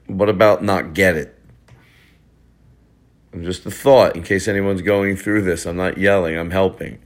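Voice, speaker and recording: Low-voiced man riffing sarcastically. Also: steady tone, a little slow, pauses often. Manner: sarcastic, riffing, repetitive bits. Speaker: podcast host, stand-up comedian. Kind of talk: casual comedic podcast banter.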